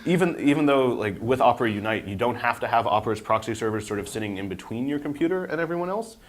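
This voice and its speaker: A man's voice: mid-range voice, expressive, fast. A man speaking hesitantly on a tech panel, with many fillers. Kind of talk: casual tech panel chat.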